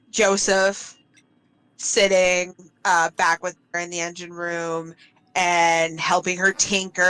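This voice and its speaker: Woman game master, bright clean voice, slow soft narration for a tabletop game. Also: fairly low pitch, clean tone, rough recording. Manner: soft, unhurried storytelling with fillers.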